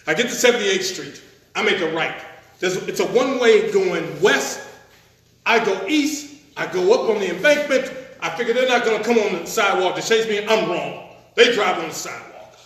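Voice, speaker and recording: A man telling a comic story at a live storytelling performance, animated and acting out the scenes. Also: sits high. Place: performance venue. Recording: echoey room, mic at a distance.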